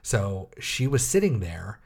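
A man with a slightly low voice talks his way through a story in easy podcast chatter. He is wry and offhand and keeps cracking dry asides. Fillers and little restarts pile up as he goes. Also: very animated, measured pace, gravelly, darkish tone. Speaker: podcast co-host. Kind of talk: casual chat.

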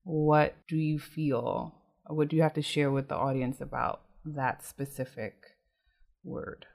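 A woman's voice: deep voice, fairly even intonation, a little slow, vocal fry, darkish tone. A woman hosting a podcast, who sets up her questions to the guest thoughtfully and carefully. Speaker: podcast host. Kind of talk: interview host.

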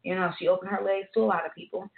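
A woman's voice: mid-range voice, level tone, rapid-fire, creaky. A woman co-hosting a podcast in casual chat, brash and profane, telling stories with a laugh. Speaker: podcast co-host. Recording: echoey phone-like line.

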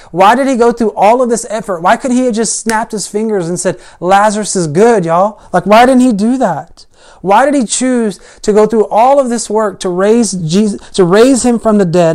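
A preacher with a mid-range voice delivers a conversational sermon, retelling a story in plain, everyday language. They often say "like" and "I mean" and grow louder on the key points.

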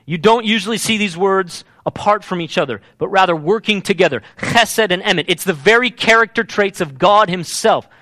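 A man's voice: high voice, fairly quick, hardly any pauses, sharp tone, no room sound. A man preaching a sermon as pastor, emphatic and repeating key words for weight.

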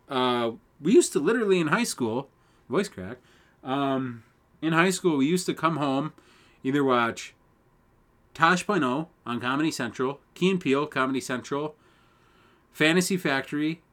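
A man's voice: medium pitch, a bit bright. A man in his twenties hosting a solo podcast, ranting casually with lots of swearing and laughter. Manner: profane, rambling, laughs often. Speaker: podcast host.

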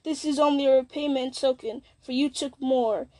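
A bitter old wizard, fallen and scornful, sneers at everyone around him, as a woman reads him aloud. His voice sits high and bright, with a mocking, resentful edge. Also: steady tone, moderate pace, natural voice. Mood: sneering.

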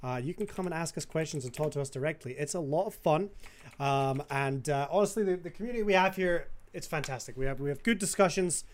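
A man's voice: fairly high pitch, quick pace. A man hosting a casual gaming podcast, upbeat and enthusiastic, with many ums and uhs. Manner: upbeat, enthusiastic, filler-heavy. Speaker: podcast host.

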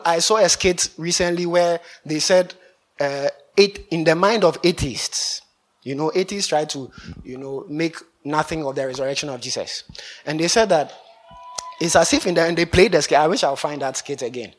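A man preaching a lively sermon, laughing often between lines. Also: on the high side.

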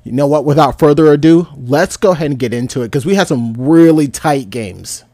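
A man's voice: fairly high pitch, brisk, warm tone, no echo. A man around thirty co-hosting a podcast, joking and laughing easily in casual chat. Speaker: podcast co-host.

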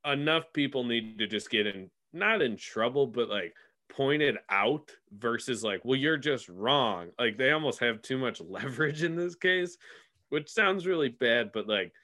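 A man's voice: mid-range voice, animated, moderate pace, pushed and bright. A young man co-hosting a podcast over a video call, rambling through casual chat and laughing between words. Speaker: podcast co-host. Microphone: remote video call.

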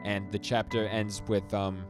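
Young man, podcast co-host, lowish voice, rambling recap, stammering restarts, music underneath. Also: level tone, measured pace. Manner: rambling, frequent restarts and stammers, acts out quoted lines. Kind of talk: casual chat recapping a manga.

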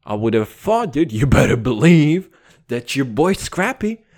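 A foul-mouthed man from Russia rants in a loose comedic monologue, swearing freely and drifting from one tangent to the next. His pitch swings widely as he gets worked up, and he keeps addressing the listener as dude. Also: measured pace. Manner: swearing, rambling, riffing on tangents; animated, calls the listener dude. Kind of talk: profane comedic rant.

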